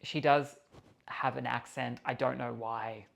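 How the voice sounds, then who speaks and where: Gravelly man, earnest psychic. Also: mid-range voice, steady tone, unhurried. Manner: earnest, spiritual, chatty. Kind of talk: casual talk to camera.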